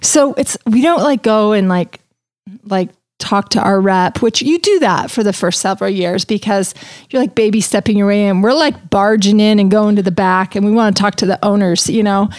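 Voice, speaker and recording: A woman's voice: mid-range voice, moderate pace, a little mellow, no room sound. Bubbly woman podcast host, dry sound. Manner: bubbly, chatty storyteller. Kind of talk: casual chat.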